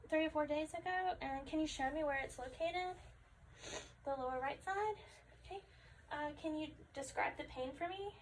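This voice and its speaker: A woman conducting a step-by-step health assessment, calmly asking questions and repeating the answers back. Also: high-pitched, normal speed. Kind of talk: clinical health assessment demonstration. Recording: distant mic with faint background noise.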